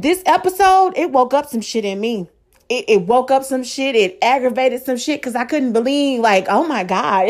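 Fired-up, high-voiced woman podcaster. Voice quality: slangy, rhetorical questions to listeners. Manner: emphatic, swears freely, fired-up pep talk. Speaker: podcast host. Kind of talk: casual solo podcast monologue.

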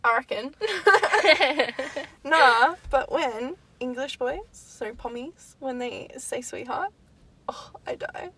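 High, lively young woman. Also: slow, pauses often, breathy edge, distant mic. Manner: playful, laughs often, swears casually. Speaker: podcast co-host. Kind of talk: casual chat.

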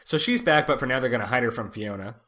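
A man co-hosting a casual podcast, recapping a TV episode in a relaxed way, with lots of fillers. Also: mid-range voice, fast talker. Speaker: podcast co-host.

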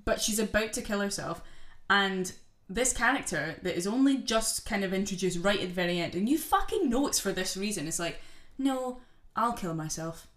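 A woman's voice: medium pitch, lively intonation, a little fast, few pauses, fairly bright tone. A young woman co-hosting a casual podcast, chatting and swearing as she retells a film with mocking put-on voices. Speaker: podcast co-host. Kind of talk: casual chat.

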